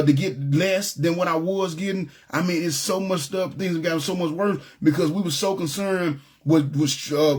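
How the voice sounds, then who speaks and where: A man teaching a casual Bible lesson to a ministry group, talking conversationally and often checking in with his listeners. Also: fairly high pitch. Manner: conversational, often asks "you know what I'm saying".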